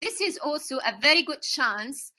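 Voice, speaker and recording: A woman's voice: high-pitched, animated, normal speed, pushed and bright. A woman with a Saudi Arabian accent, an English teacher whose first language is Arabic, giving a live training talk to other teachers, explaining through questions, fillers and frequent "okay?" checks.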